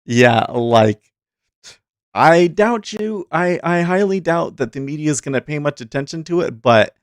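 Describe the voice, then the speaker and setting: A man's voice: on the high side, moderate pace, clean tone, no echo. A man hosting a casual livestream, talking in a rambling, chatty way with frequent restarts, into a close desk mic. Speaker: host.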